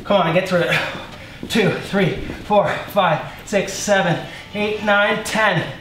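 A man's voice: sits high, takes it slowly, fairly bright tone, reverberant, a little hiss or hum. A male fitness instructor coaching a home workout, counting reps aloud and calling out short commands.

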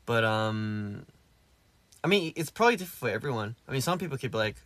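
A man's voice: mid-range voice, expressive, fast, a bit bright, no echo. A young man in his twenties with an Australian accent, hosting a casual live stream and answering viewer comments in a rambling, easygoing way full of fillers. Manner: rambling, loose and easygoing, many fillers and restarts.

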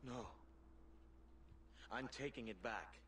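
An actor playing a determined pirate captain in a video game, talking earnestly and firmly. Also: male voice, medium pitch, slow pace, fairly bright tone, slight background noise. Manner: earnest, firm.

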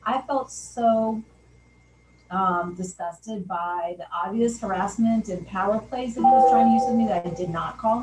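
A woman's voice: mid-range voice, darkish tone. A woman in her fifties, a sociology professor, candidly telling a personal story and acting out the quoted lines. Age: 50s. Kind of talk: personal testimony. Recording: roomy echo from a distant mic, faint background noise.

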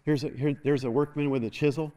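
Energetic call-and-response preacher, a man. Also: a little high, quick pace. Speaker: pastor. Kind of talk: sermon.

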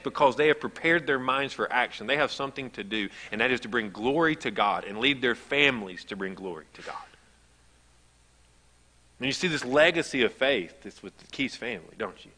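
Bright-voiced pastor in a reverberant church. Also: male voice, mid-range voice, lively intonation, a little fast. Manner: conversational storytelling, rising to emphatic. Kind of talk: sermon. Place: church sanctuary.

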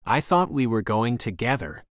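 A man's voice: medium pitch, big pitch swings, moderate pace, dry recording, clean studio sound, lightly acted. A man voicing a frightened, shaky young woman. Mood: alarmed. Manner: alarmed, breathy.

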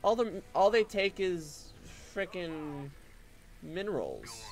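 A man gives casual, sarcastic running commentary on a game he is playing. His voice sits a little high and swings wildly up and down, often jumping into silly squeaky exclamations. He swears freely and jokes about everything going wrong. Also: very animated, takes it slowly. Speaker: game streamer.

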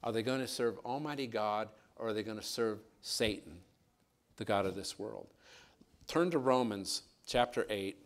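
A male pastor preaching a sermon, telling a story with lively, animated delivery that climbs higher and louder as it builds. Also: moderate pace. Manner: animated storyteller, rising and louder when excited.

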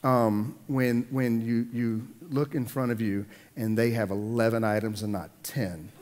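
A middle-aged pastor preaches with animated energy, doubling back on his words as he drives each point home. His voice carries a long hall reverb from the sanctuary around him. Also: medium pitch, unhurried, slight background noise. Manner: animated, repeats words when building a point. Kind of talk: sermon.

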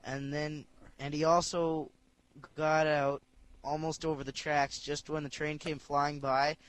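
A man's voice: fairly high pitch, little pitch movement, unhurried. Laughing male podcast host. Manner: laughs often, jokey. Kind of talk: casual chat, reading listener stories aloud.

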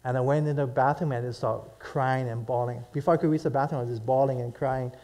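A man's voice: medium pitch, steady tone, fast, a little mellow. A middle-aged male pastor preaching to a live congregation, telling stories animatedly and asking "right?" and "amen?" often. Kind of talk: sermon.

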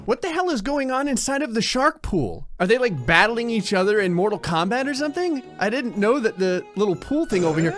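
A young man narrating a game with sarcastic, dark humor and frequent laughter. His voice sits a bit high, and soft music plays beneath it. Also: very animated, a little fast, few pauses. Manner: sarcastic, darkly joking, laughs often. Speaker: gaming commentator. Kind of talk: comedic game commentary.

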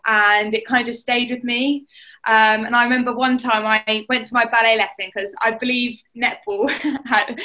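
A young English woman chats easily through her sporting memories. Her voice is bright and a touch high, and she slips into other people's voices when she quotes them. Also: low-quality recording. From England. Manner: chatty storytelling, acts out quotes. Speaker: netball player. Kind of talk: casual chat.

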